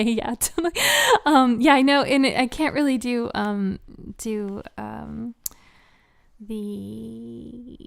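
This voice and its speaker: Soft-spoken woman with a gravelly, fry-edged voice. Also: medium pitch, no room sound, studio quality. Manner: soft-spoken, drifts into whispers, many "um" and "like" fillers, giggly. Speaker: ASMR creator answering viewer questions. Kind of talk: casual live-stream Q&A chat.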